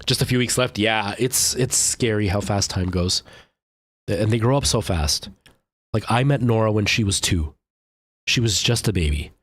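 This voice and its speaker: A man in his thirties chats loosely with his stream viewers, rambling with lots of "um" and restarts. His voice sits a little low and is recorded close and dry, with no room sound. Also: moderate pace, a bit bright, no room sound. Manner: rambling, chatty, many fillers and restarts. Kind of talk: casual chat with live chat.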